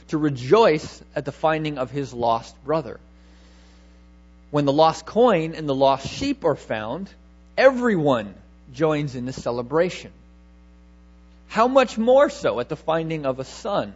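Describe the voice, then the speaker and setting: A man's voice: fairly high pitch, slightly rough, highs cut off. A man preaching a sermon, emphatic, repeating key words and asking rhetorical questions.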